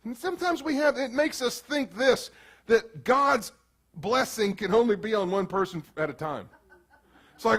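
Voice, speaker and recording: A man preaching a sermon as pastor in a casual, animated way, slipping into quick acted asides. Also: very high voice.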